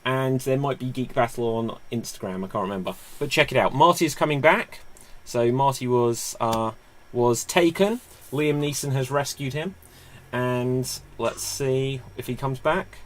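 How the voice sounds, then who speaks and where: A man hosting a live-streamed comedy game show in a chatty, upbeat way. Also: medium pitch. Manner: chatty and upbeat, with quick asides.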